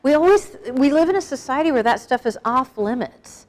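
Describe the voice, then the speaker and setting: Fairly quick and high-pitched, with lively intonation, this middle-aged guest speaker addresses a live audience on suicide prevention. She is conversational and blunt, frequently asking the listeners questions.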